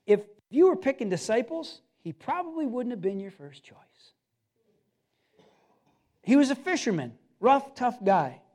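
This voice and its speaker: Male pastor with a very high voice, preaching in an emphatic, repetitive style straight at the congregation. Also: dark tone. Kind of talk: sermon.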